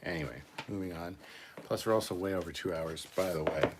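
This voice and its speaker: A man's voice: low voice, fairly quick, very noisy. A man hosting a casual livestream, reading trivia and bantering loosely with chat, swearing and a bit drunk. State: drinking, slightly drunk. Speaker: livestream host.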